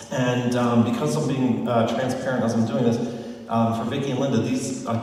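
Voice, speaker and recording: A man leading a motivational sales training for a live audience, chatty and animated, joking with the crowd. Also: medium pitch, moderate pace. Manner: chatty, animated storyteller who jokes with the crowd. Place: large hall with live audience. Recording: echoey hall, far from mic.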